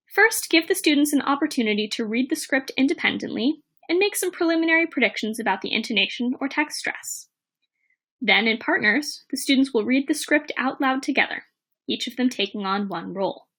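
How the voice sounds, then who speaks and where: A woman presenting a teaching plan in a measured, read-aloud narration. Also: a little high, fairly bright tone.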